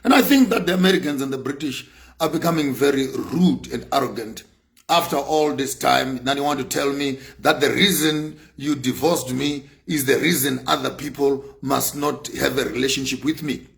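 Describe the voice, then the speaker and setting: A man's voice: mid-range voice, fairly even intonation, moderate pace, vocal fry, a bit bright. A man giving an impassioned speech, repeating his points with emphasis and rising to raised bursts. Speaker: speaker on sanctions.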